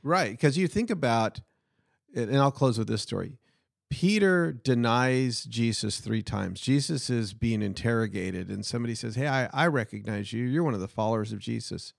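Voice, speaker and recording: A man co-hosting a church podcast, telling a Bible story in a lively, relaxed way and acting out the quoted lines. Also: medium pitch, moderate pace, creaky, dry recording, studio quality. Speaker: pastor, podcast co-host. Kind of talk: casual chat, storytelling.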